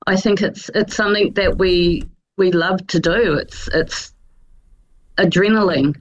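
A woman's voice: mid-range voice, steady tone, a little slow, lo-fi sound. A woman with a New Zealand accent, interviewed as a guest, hesitant and full of fillers but cheerful. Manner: hesitant, many fillers, laughs easily. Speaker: guest, attraction manager. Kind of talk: radio interview.

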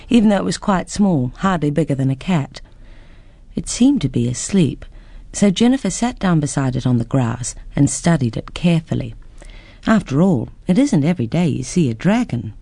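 A woman reading a children's story aloud with lively expression. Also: sits low, creaky, breathy edge, no echo.

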